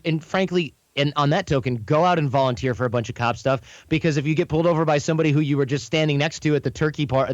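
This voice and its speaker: A man as a podcast guest, explaining casually in a quick, anecdotal way and often correcting himself mid-sentence. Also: medium pitch, dry recording, muffled recording. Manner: quick, chatty, anecdotal, frequent self-corrections. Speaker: podcast guest, charm coach.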